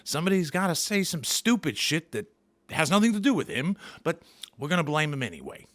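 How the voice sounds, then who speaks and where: A man's voice: a little high, big pitch swings, fairly quick, a bit bright. Swearing man ranting angrily. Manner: angry, profane, sarcastic. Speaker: comedy vlogger. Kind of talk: profane comedic rant.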